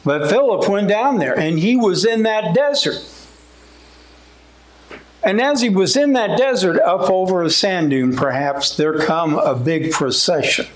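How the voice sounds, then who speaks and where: A man preaching a sermon in a folksy, conversational way. He speaks slowly and deliberately, and his high voice climbs whenever he quotes scripture. The room around him rings with echo.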